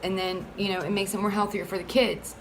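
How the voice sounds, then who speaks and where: A woman's voice: medium pitch, level tone, brisk, slight background noise, low-quality recording. A woman speaking as a single mother, pleading earnestly for support of a bill in a rambling, heated way full of fillers. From Florida. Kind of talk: casual advocacy monologue.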